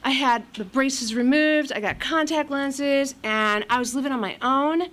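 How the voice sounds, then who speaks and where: A woman's voice: sits high, measured pace, fairly bright tone. A middle-aged woman from California giving a candid recovery share at a meeting, blunt, profane and self-mocking, with a lot of fillers.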